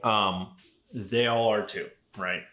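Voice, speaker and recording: A man's voice: on the low side, fairly even intonation, takes it slowly, pushed and bright. A middle-aged man from Arizona who founded a rifle company, chatting casually as a podcast guest and telling rambling stories full of fillers and swearing. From Arizona, USA. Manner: profane, rambling storyteller with frequent fillers. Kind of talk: casual chat. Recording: roomy echo.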